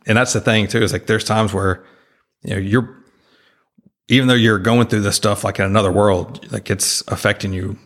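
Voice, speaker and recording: A man earnestly retelling a personal experience as an interview guest, halting and full of restarts. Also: fairly low pitch, steady tone.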